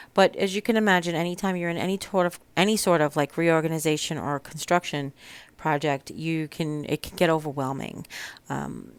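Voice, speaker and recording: A woman's voice: low-pitched, smooth, dry recording. A woman with a Long Island accent, talking casually through a home DIY project in her kitchen, chatty with frequent ums and restarts. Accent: Long Island New York. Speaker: DIY vlogger. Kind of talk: casual crafting vlog.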